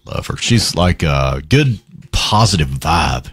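A man hosting a country radio show, chatting between songs in a lively, easygoing way and chuckling at his own asides. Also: very deep voice, slow pace, breathy edge, no echo.

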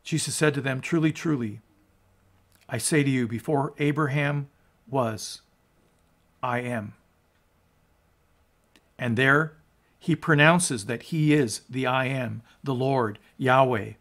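A man preaching as a pastor, reading scripture aloud and explaining it in an earnest sermon, often restarting words and dropping low at the ends of phrases. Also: slow, pauses often, fairly bright tone. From United States. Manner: earnest, rises in emphasis on quotes, drops low at phrase ends.

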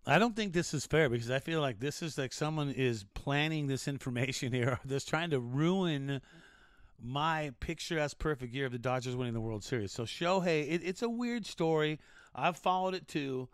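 A man's voice: a little high, moderate pace, dry recording, studio quality. Joking man hosting a chat show. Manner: joking, rambling with restarts. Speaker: show host. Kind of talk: casual news chat.

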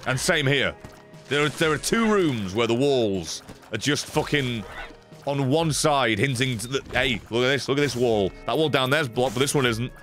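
A young man commentates his own gameplay, swearing freely and jumping between grumbles and excited yelps. His pitch swings widely as he talks. Faint game music plays underneath. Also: a little fast. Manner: sweary, excitable, laughs often. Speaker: streamer.

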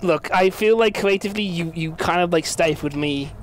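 A man streaming a horror game, chatting casually with friends, laughing easily and yelling in bursts. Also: on the high side, moderate pace, slight background noise. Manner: excitable, laughs a lot, yells in bursts. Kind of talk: casual chat while gaming.

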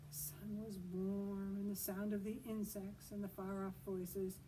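A woman librarian reads a picture book aloud at an outdoor children's storytime, gently pausing to ask her listeners questions. Her voice is mellow and dark in tone. She sounds a little distant from the microphone, with faint noise behind her. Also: mid-range voice.

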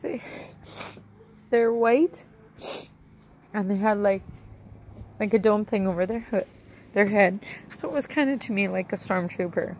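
A woman's voice: mid-range voice, measured pace, pauses often, slight background noise. A woman telling a rambling, emotional personal story in a casual home vlog, often adding "right?" and "like". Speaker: vlogger.

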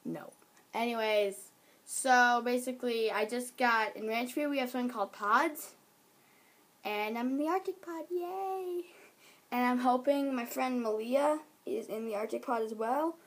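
A teenage girl chats to her viewers in a loose, giggly vlog ramble. Her voice sits a little high, and she jumps from one topic to the next. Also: a little slow. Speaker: vlogger. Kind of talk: casual vlog chat.

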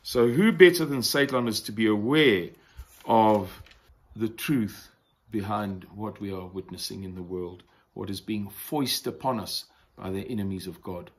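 Deliberate South African man reviewing news. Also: fairly low pitch. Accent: South African English. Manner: deliberate, opinionated, pauses to define terms. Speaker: news commentary host. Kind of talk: weekly news review monologue.

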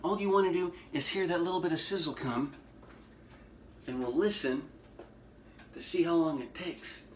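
Folksy man cooking over loud sizzle. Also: a little high, normal speed, long pauses, slight background noise. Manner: folksy, jokey, hip slang. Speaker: horror movie host doing a cooking segment. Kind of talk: casual cooking demonstration. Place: home kitchen at the stove. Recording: loud sizzling and frying in the background.

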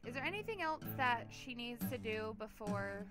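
A woman's voice: fairly high pitch, big pitch swings, moderate pace, over music. A woman hosting a let's play, giving chatty, giggly gameplay commentary with a lot of "like".

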